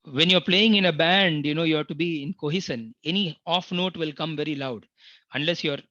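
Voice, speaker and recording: Middle-aged man, slightly higher pitch, from India, rambling testimony with many restarts, dull dry lo-fi sound. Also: a little fast, sharp tone, no room sound. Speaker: devotee sharing a personal experience. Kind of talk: unscripted testimony talk.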